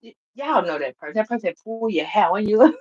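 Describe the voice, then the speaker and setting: A woman's voice: mid-range voice, a little fast, slightly rough, muffled recording. Profane, blunt woman giving a casual reading. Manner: profane, blunt and animated, laughs often. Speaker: tarot reader. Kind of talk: casual spiritual reading monologue.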